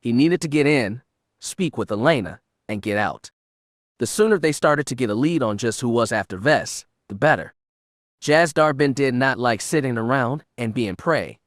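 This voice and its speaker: This is scripted audiobook narration delivered by a man in a steady, measured way. His voice sits in the mid range, and the studio-quality recording has no room sound.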